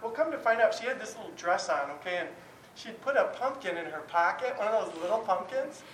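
A man's voice: high voice, lively intonation, brisk, a bit bright. A man who teaches Bible, giving an informal talk to a class in a candid, chatty way with frequent chuckles and restarts. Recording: roomy, distant mic, faint background noise.

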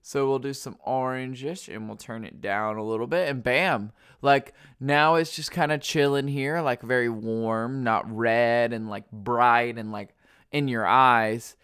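A man with a stuffy nose talks solo on his podcast in loose, rambling chat, leaning on fillers. His voice is smooth and clean. The sound is close and dry. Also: medium pitch, unhurried, fairly bright tone, dry recording. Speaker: podcast host.

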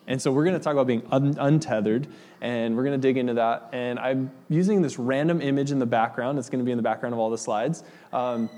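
A man giving a casual sermon to a congregation, chatty and laid-back, joking and reading scripture aloud. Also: mid-range voice. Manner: relaxed, chatty, laughs easily with the congregation. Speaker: pastor. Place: church hall with audience. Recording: long hall reverb.

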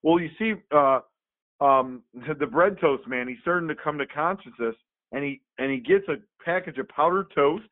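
A man's voice: a little high, moderate pace, no room sound. Rambling man on a tinny line. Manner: rambling, animated retelling with many fillers and laughs. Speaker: podcast co-host. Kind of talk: casual chat. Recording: phone-like, dry sound.

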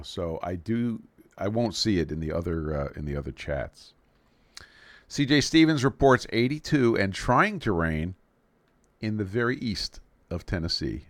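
A man's voice: on the low side, dry recording. A man from New York City hosting a live stream in casual chat, rambling and joking with frequent restarts. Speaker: livestream host.

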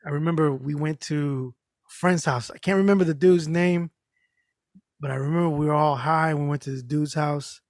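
A middle-aged man spinning a loose, profane story in a relaxed podcast chat, slipping into the voices of the people he quotes. His voice sits a little higher than most men's. The sound is dry and close, with no room in it. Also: normal speed, no room sound. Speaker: podcast co-host.

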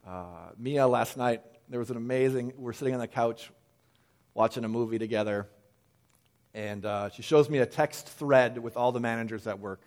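A man's voice: medium pitch, moderate pace. A man preaching a casual sermon, talking conversationally and acting out quoted voices with frequent restarts. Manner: conversational, animated quoting with repeated restarts. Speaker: pastor.

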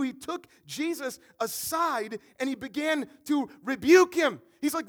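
A man preaching a conversational, animated sermon as a pastor, often repeating words as he builds a point. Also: very high voice, normal speed, hardly any pauses.

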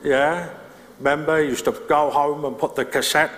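A man's voice: a little high, steady tone, moderate pace, background noise. A middle-aged male pastor, preaching a sermon in a conversational way, with restarts and asides to the congregation. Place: church hall. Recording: reverberant church hall.

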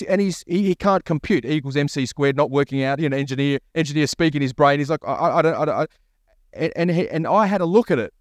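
Animated pastor telling a story. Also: male voice, medium pitch, no room sound, clean studio sound. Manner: animated storyteller acting out both sides of a conversation. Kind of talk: sermon storytelling.

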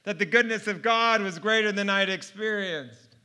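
A man in middle age gives a personal faith testimony, his voice pitched high for a man. He tells his story earnestly and often breaks into laughter. His tone is very bright and ringing. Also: normal speed, clean tone. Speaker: speaker sharing his testimony.

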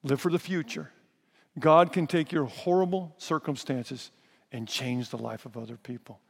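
A man's voice: medium pitch, moderate pace, gravelly, breathy edge. A middle-aged man preaching a sermon, telling a personal story with emphatic, dramatic delivery. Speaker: pastor. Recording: long hall reverb.

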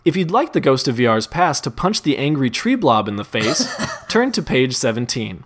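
A man tells a choose-your-own-path story in the second person, his voice lively and swinging across a wide range. He keeps breaking into amused laughter mid-sentence, at a middling pitch. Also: moderate pace. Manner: amused, often laughing through lines.

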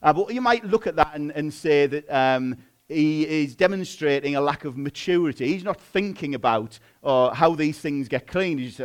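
A man in his thirties preaching a sermon in a relaxed, chatty way, self-deprecating and full of fillers. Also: on the high side, normal speed.

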